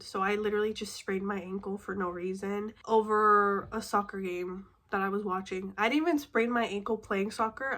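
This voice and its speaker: A woman's voice: medium pitch, a bit bright. A young woman chatting casually to her vlog audience, sounding a bit nasal from a cold, rambling with fillers and the odd swear word. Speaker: vlogger. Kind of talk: casual sit-down chat.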